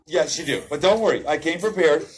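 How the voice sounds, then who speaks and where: Shouting children fill the room as a woman clowns for a birthday party, teasing the kids and laughing frequently in a comic act. Her voice is low and brisk, with a little hiss or hum on the recording.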